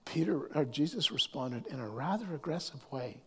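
A man's voice: a little high, lively intonation, moderate pace, noisy background. Male preacher in a reverberant hall. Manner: frequent stammered restarts, swinging between hushed asides and raised emphasis. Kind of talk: sermon.

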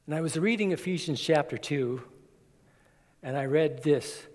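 A man's voice: on the high side, normal speed, pauses often, darkish tone. A man preaching a sermon, telling a personal story in an earnest way and acting out quotes as he goes. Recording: long hall reverb.

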